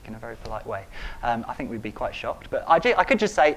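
A man preaching a sermon, stressing key words by repeating them and rising to loud peaks. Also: mid-range voice, expressive, fast talker, slight background noise.

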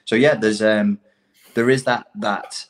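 Animated, profane middle-aged man. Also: on the low side, a little slow. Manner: animated, profane, storytelling with acted-out quotes. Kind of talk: casual conversation.

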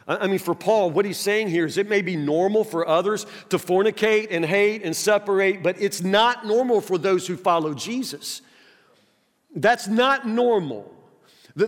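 A male pastor with a notably high voice preaches in a conversational way, stumbling over the first sounds of words and checking in with his listeners. His voice rings out with a long reverb trail, as in a large church sanctuary. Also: a bit bright. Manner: conversational preaching with frequent restarts and direct questions to the congregation. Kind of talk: sermon.

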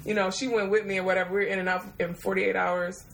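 A woman, telling a travel story in a casual, rambling way. She swears freely and laughs often. Her voice sits at a middle pitch for a woman. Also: flat delivery, fast, gravelly, fairly bright tone, rough recording. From Detroit, USA.

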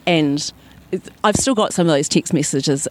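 A guest telling a story in a chatty way, quickly stacking one clause onto the next. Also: mid-range voice, a little hiss or hum. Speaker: guest, partner of the other guest. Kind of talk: casual storytelling.

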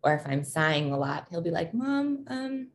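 Speaking quickly in a low, level-toned voice, a parent in her thirties reflects casually on her own experience. She frequently says "um" and restarts her sentences, and the recording carries a little hiss or hum.

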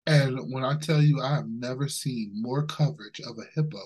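A man's voice: medium pitch, moderate pace, husky, rough recording. A man co-hosting a podcast, ranting in casual chat with plenty of swearing and laughter. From Ohio, USA. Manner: animated, ranting, laughs often, swears freely. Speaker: podcast co-host.

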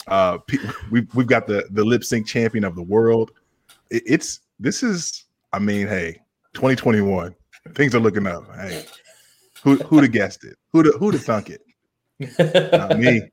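A man's voice: fairly low pitch, lively intonation, measured pace. A man hosting a podcast, hyped and playful, often stammering in casual chat. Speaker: podcast host.

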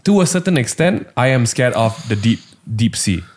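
A man's voice: medium pitch, sing-song, moderate pace, a little mellow. A man co-hosting a podcast in casual chat, rambling with lots of fillers. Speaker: podcast co-host.

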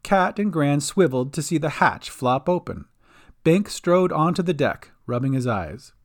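A man giving scripted narration of a fantasy audio story, expressive and doing all the voices himself. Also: fairly high pitch, moderate pace.

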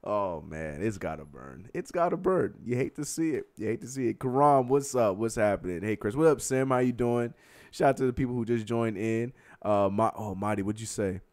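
This man's voice sits on the low side and moves at an ordinary pace as he hosts a casual live-stream quiz. Faint music plays behind his lively manner, frequent laughter, and teasing of his co-host.

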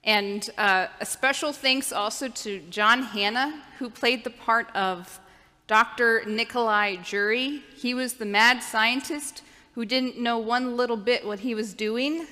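A woman's voice: a little high, unhurried, bright, forceful tone. A woman leading a children's sermon in a church, patiently coaching the children to repeat after her. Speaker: children's minister. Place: church sanctuary. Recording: long reverb of a church hall.

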